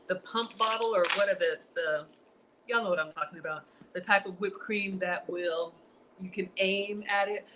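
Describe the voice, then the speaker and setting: A woman home-cook vlogger with a mid-range, fairly bright voice chats casually through a cooking demonstration, calling her viewers "y'all." Her kitchen is noisy.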